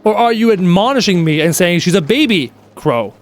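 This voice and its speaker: Male streamer, 30s, high-ish voice, animated and chatty with viewers, faint music bed. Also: moderate pace. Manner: chatty, animated storytelling, answers chat questions. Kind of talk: casual live-stream chat.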